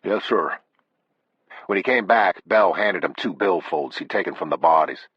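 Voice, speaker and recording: A man narrating an audiobook in a measured, unhurried reading. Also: low-pitched, breathy edge, no room sound. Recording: dull, dry lo-fi audio.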